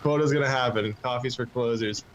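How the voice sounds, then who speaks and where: A man's voice: mid-range voice, fairly quick, muffled recording, over a noisy crowd. A man in his twenties doing a crude, self-mocking stand-up set at an open mic. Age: 20s. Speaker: stand-up comedian.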